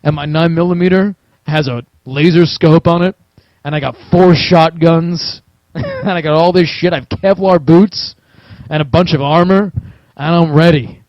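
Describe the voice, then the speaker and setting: A man telling a long gaming story in casual chat, animated and profane, acting out his own reactions. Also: fairly high pitch, normal speed, no room sound. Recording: dull, dry lo-fi recording.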